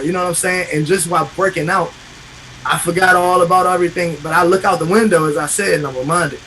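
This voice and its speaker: A man with a high, bright, forceful voice speaks in raw, impassioned bursts, swearing and repeating himself. He hosts a casual podcast chat. A faint hiss of background noise sits under the recording. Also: fairly even intonation, fast talker, rough recording. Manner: impassioned, profane, repetitive.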